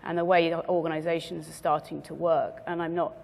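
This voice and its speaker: A woman speaker giving a measured business presentation to a conference audience, stressing her key words. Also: sits low, flat delivery, creaky, darkish tone, big-room sound. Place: conference venue.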